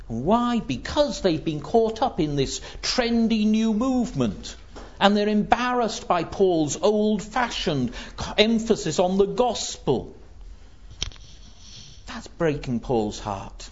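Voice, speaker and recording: A man preaching a sermon in an earnest, emphatic voice that sits a little high. He builds intensity as he quotes scripture. The recording is dull and lo-fi. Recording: dull lo-fi sound.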